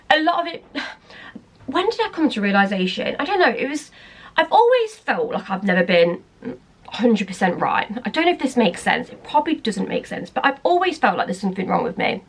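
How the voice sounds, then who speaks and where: A young woman speaks to her vlog camera in a fairly high voice. She rambles and hesitates, cutting herself off mid-thought as she talks candidly. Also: fairly bright tone. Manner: rambling, hesitant, self-interrupting. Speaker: vlogger. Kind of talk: candid personal talk to camera.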